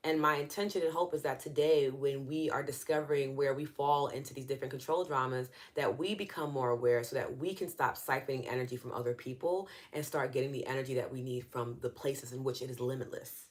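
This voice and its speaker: Woman, New York accent, deep low voice, earnest conversational teacher, hosting a live session. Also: fairly even intonation, brisk, hardly any pauses. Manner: earnest, conversational explaining, responds to viewer comments. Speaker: EFT session host.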